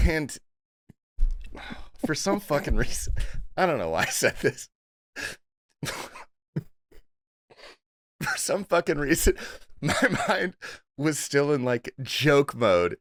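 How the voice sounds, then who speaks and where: A man hosting a podcast, telling a story in animated, laughing, profane casual chat. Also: a little high, slow, pauses often, dry recording, clean studio sound. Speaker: podcast host.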